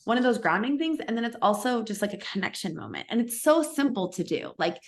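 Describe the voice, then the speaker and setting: A middle-aged woman hosting a podcast, talking in a chatty, effusive way with quick restarts. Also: on the high side, very animated. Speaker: podcast host. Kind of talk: casual interview chat.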